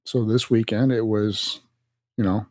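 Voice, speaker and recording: A man co-hosting a casual podcast, talking in an offhand, deadpan way about his week. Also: on the low side, unhurried, no echo. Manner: laid-back, deadpan, offhand. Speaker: podcast co-host.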